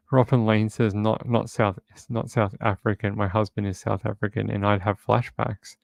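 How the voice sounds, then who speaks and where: A man with a low, gravelly voice hosts a true crime livestream from home. He chats casually and reads viewer comments aloud, and the sound is close and dry. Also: level tone, measured pace, no echo.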